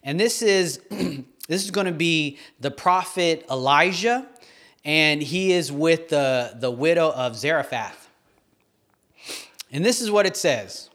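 A man in his thirties preaches a sermon in a slightly high voice. He reads scripture, then retells it in a casual, earnest way, full of restarts and fillers. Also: expressive, slow, fairly bright tone. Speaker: pastor.

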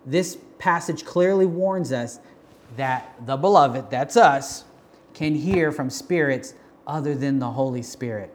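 A church teacher on prophecy gives an informal sermon in a mid-range voice at a measured pace. He talks conversationally, restarting often and sprinkling in fillers and slangy asides.

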